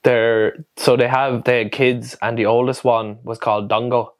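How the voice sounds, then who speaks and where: A man's voice: mid-range voice, little pitch movement, moderate pace. Laughing, swearing man telling stories. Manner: laughs often, swears, tells anecdotes. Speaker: podcast co-host. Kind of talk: casual chat.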